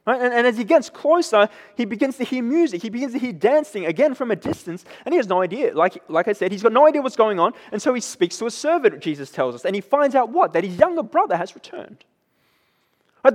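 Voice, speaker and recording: A man's voice: high voice, expressive, brisk. A man preaching a sermon who keeps checking in with his listeners by asking "right?". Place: church. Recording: long echo of a church hall.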